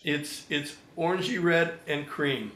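Animated older male storyteller, echoey room. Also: fairly high pitch, measured pace. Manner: animated storyteller, acts out quotes. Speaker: songwriter guest. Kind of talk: storytelling anecdote.

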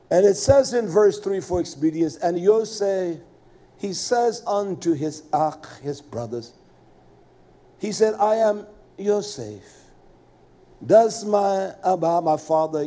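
A man preaching a sermon in an impassioned, drawn-out style with big swings in loudness. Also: high voice.

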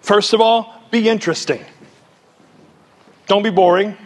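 A man preaching a sermon as pastor at a church service, animated and conversational, often quizzing the congregation. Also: sits high, a little slow.

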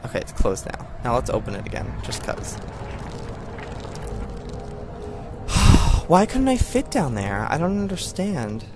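A man's voice: a little high, huge pitch swings, normal speed, hardly any pauses, noisy background. Jumpy young man playing a horror game. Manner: jittery, frightened, talks to himself. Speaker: gaming channel host. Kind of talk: horror game let's play commentary.

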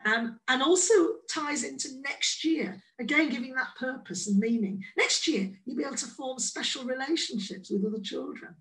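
An English woman presents at a conference with a fairly high voice. She talks with a playful, lively manner and slips into little acted voices for the examples she quotes. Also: moderate pace, hardly any pauses, low-quality recording. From England. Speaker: conference speaker.

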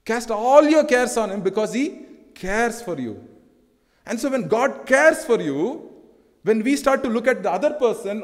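A man's voice: very high voice, animated, unhurried. A middle-aged man with an Indian English accent preaching a sermon, repeating phrases emphatically and asking rhetorical questions. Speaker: pastor. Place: church hall. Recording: long church hall reverb.

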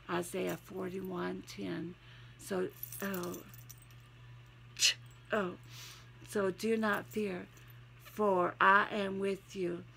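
A woman's voice: fairly low pitch, creaky, a bit bright, a little hiss or hum, low-quality recording. A woman with a Southern accent who has a cold, giving a homey, encouraging devotional talk with scripture readings. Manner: homey, encouraging, chatty asides. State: has a cold, sniffling and sneezing. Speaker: Christian devotional vlogger.

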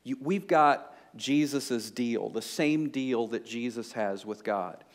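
A man's voice: mid-range voice, slow pace. Conversational male preacher. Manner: conversational, humorous, lots of fillers. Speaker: pastor. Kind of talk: sermon. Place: church sanctuary before a congregation.

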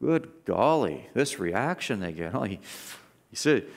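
A man's voice: fairly low pitch, sing-song, measured pace, vocal fry, big-room sound. A man preaching a sermon as pastor, impassioned, with mocking asides and repeated words. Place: church sanctuary.

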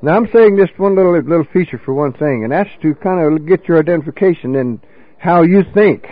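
A man's voice: fairly high pitch, no echo, narrow, tinny audio. An older man telling a folksy, salty story of his drinking days to a recovery meeting, peppering it with "you know.".

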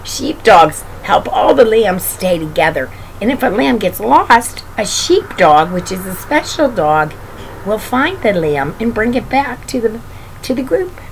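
A woman reading a picture book aloud to children, with gentle, doting asides to a child. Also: medium pitch, very animated, unhurried, slight background noise, rough recording. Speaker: reader of children's books.

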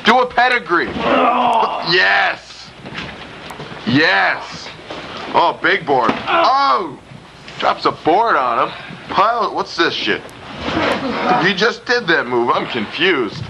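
A man doing profane, excited play-by-play of a backyard wrestling match while filming it, gasping and laughing. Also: on the high side, slow pace, noisy background. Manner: swears often, loud gasps and laughs. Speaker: backyard wrestling commentator and cameraman.

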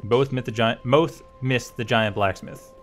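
A man's voice: mid-range voice, measured pace, fairly bright tone, faint music behind. A man playing a video game, casually musing aloud and reading out item descriptions. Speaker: let's play host. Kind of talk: casual gameplay commentary.

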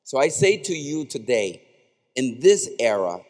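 A man delivers a stirring graduation address, building his points through rhetorical repetition. His mid-pitched voice carries through a podium microphone, and a long reverb trails each phrase in the big arena. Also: sing-song, a little slow, a little mellow. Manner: impassioned oratory with rhetorical repetition. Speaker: commencement speaker. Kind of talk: commencement speech. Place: large indoor arena at a graduation ceremony.

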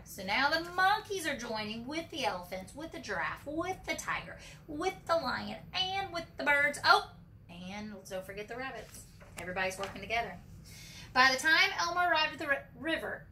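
A woman preschool teacher reading a picture book aloud to young children, animated for the character lines and asking the kids questions. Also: on the high side, moderate pace, creaky. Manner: asks children questions and calls them friends. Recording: distant from the mic with faint background noise.

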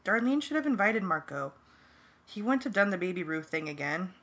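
A woman voicing a wry, protective teenage boy, speaking low and dry. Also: big pitch swings, normal speed, fairly bright tone.

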